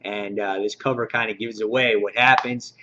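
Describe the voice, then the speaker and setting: A man reviewing a comic book in a casual, rambling, excited way, full of fillers and quoted lines. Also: on the low side, moderate pace, a little hiss or hum. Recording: dull lo-fi recording.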